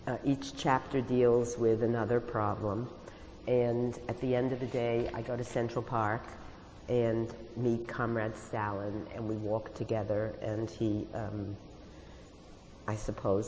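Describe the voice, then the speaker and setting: A woman author reading her own first-person stories aloud with a wry, confiding manner, pausing to explain them. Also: a bass voice, mellow, big-room sound, slight background noise, low-quality recording.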